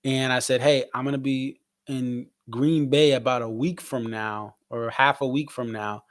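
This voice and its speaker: A man from Connecticut hosting a casual post-show livestream, reading fan comments and giving loose, hyped shout-outs. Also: mid-range voice, fairly even intonation, a little slow, no room sound, studio quality. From Connecticut, USA. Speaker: livestream host.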